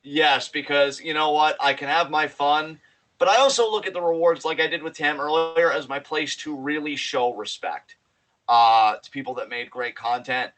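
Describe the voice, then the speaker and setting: A man co-hosting a podcast in casual chat, excited and animated, swearing freely as he talks. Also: on the high side, normal speed, rough recording. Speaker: podcast co-host.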